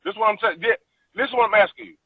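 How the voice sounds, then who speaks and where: A boxer calls in as a guest and argues angrily and profanely, insisting on his point in a heated exchange. Over a tinny phone line, his high voice races along with fairly even intonation.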